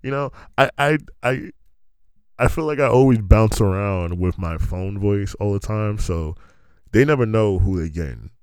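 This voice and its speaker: A man's voice: fairly low pitch, normal speed, a little mellow, clear, resonant tone, no room sound. A man telling stories in a loose, rambling monologue, laughing often and restarting his sentences.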